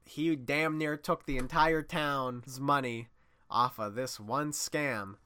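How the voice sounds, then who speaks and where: A man talking off the cuff as a podcast host, telling a long story in a loose, rambling way. His voice is bright and forceful, at an everyday middle pitch. He drops to a low mutter, then jumps up loud when he gets excited. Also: slow, smooth. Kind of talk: casual monologue.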